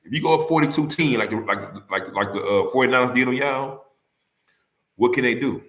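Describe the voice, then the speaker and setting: A man's voice: medium pitch, a little fast, fairly bright tone, echoey room. A man hosting a casual sports talk livestream, arguing heatedly with rival fans, repeating himself and firing rhetorical questions at the audience.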